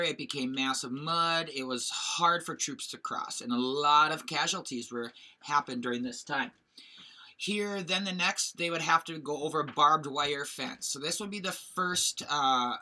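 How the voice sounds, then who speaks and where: Male teacher, very sharp bright tone, casual rambling slide lecture full of fillers. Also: fairly high pitch. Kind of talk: recorded history lecture over slides.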